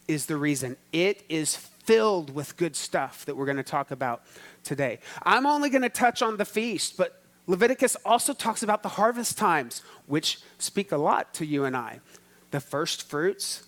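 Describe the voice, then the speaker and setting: A man's voice: sits high, a bit bright. A male pastor preaching a sermon, teaching emphatically, repeating key words and asking the congregation to answer back.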